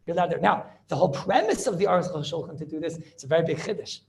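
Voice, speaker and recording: A middle-aged rabbi giving an informal yeshiva class. He is animated and rhetorical, keeps asking "right?", and mixes Hebrew and Yiddish terms into his talk. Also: on the high side, quick pace, vocal fry. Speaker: rabbi teaching a halacha class.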